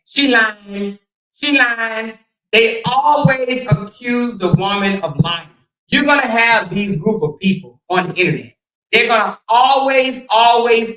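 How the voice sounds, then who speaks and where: A woman's voice: mid-range voice, fairly bright tone, far from the mic. A woman hosting a casual commentary livestream, talking bluntly and profanely and firing rhetorical questions at her viewers. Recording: echoey room, voice somewhat off mic.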